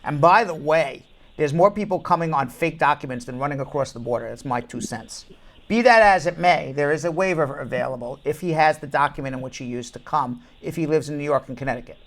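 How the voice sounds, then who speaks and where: A man hosting a call-in show as an immigration lawyer, ranting with animated indignation and then answering callers. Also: on the high side, brisk.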